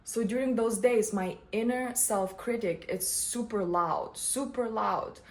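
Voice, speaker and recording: A young adult woman vlogger and coach giving casual, expressive personal talk to the camera, often breaking into laughter. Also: a little high, a little slow.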